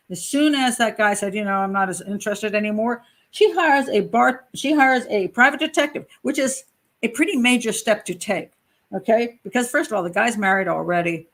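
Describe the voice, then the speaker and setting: A middle-aged woman hosting her own channel as a criminal profiler, chatting casually and emphatically, often repeating phrases for effect. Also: medium pitch. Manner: conversational, emphatic, repeats phrases, mimics others in quotes. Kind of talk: casual commentary to camera.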